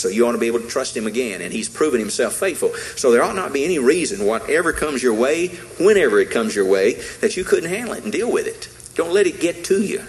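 A man's voice: mid-range voice, low-quality recording. A man preaching a sermon in a folksy, emphatic way, retelling a Bible story with acted-out quotes and repeated lines.

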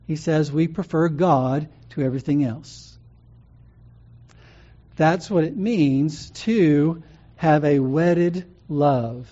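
A man's voice: a little high, slow pace, dark tone. A man preaching a sermon as pastor, teaching in a conversational way with frequent ums and restarts. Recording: muffled lo-fi sound.

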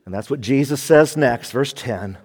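A man preaching a sermon to his church, animated, acting out quoted voices and laughing often. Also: medium pitch, normal speed, husky, in a large hall. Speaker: pastor.

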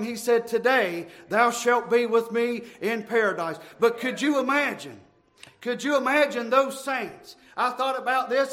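A man preaching a fervent sermon, shouting in bursts and running out of breath. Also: extremely high pitch.

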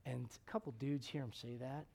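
A man preaching a sermon, telling stories and acting out the quotes, sometimes dropping to a hushed tone. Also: mid-range voice, normal speed, vocal fry, husky. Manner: animated storytelling, acts out quotes, drops to hushed tones.

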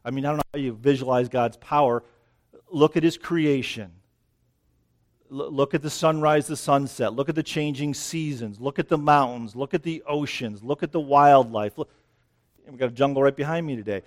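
A man's voice: mid-range voice, normal speed. A man preaching a sermon outdoors, a little out of breath, in a conversational way that keeps checking in with the listeners. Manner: conversational, keeps asking "right?". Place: outdoors near dense greenery.

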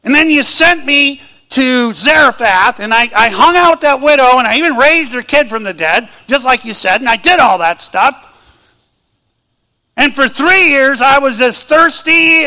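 A preacher doing an exasperated prophet, griping in a high, bright, forceful voice. He lists every grievance with rising insistence. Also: vocal fry, breathy edge, full character voice. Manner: complaining, insistent, raised voice. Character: exasperated prophet Elijah, indignant man.

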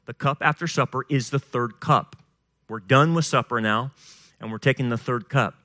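Bright-voiced man preaching with energy. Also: mid-range voice, moderate pace, no echo, clean studio sound. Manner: animated preaching, reads scripture aloud with rising emphasis. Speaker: pastor leading a Passover Seder service. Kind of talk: sermon with scripture reading.

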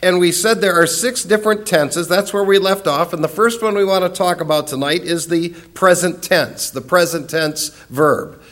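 A man's voice: high voice, moderate pace, hardly any pauses, a bit bright. A man teaching a Bible study lesson in an earnest, emphatic way, repeating key words for stress.

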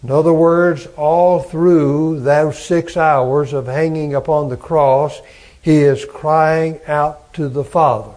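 Man, pastor, sermon, unhurried delivery, somewhat high voice, emphatic repetition. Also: fairly even intonation, a little mellow. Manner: slow, emphatic preaching with repeated phrases.

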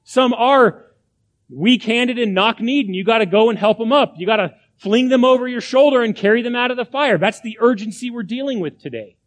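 A man with a high voice delivers a sermon as pastor. He preaches emphatically, repeating phrases and firing rhetorical questions at the congregation. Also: brisk.

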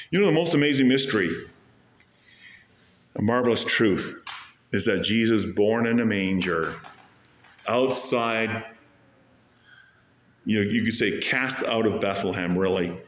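Stretching key phrases by slowing way down, a man preaches his sermon as a pastor, shifting between loud, climbing highs and soft, low lulls. The room is echoey, with slight background noise.

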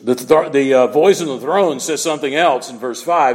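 A man preaching a sermon as a pastor, expressive, acting out small everyday scenes as he teaches. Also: medium pitch, normal speed. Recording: reverberant hall.

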